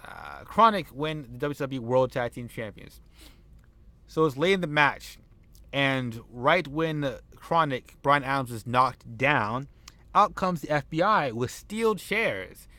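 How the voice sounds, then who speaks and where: A man's voice: medium pitch, lively intonation, slow pace, pushed and bright, no room sound. A man narrating a wrestling sim playthrough in a casual, rambling, joking way. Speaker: let's play host.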